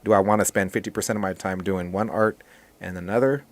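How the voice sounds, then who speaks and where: A man with a very low voice, talking casually as a podcast guest. He rambles in a relaxed way, restarting his sentences and filling pauses as he explains how he teaches. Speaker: jiu-jitsu instructor and guest.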